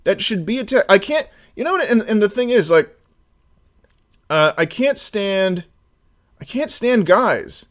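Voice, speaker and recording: A man talking casually on a live stream, rambling with many restarts and sometimes getting loud and exasperated. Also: sits high, lively intonation, a little slow, pauses often.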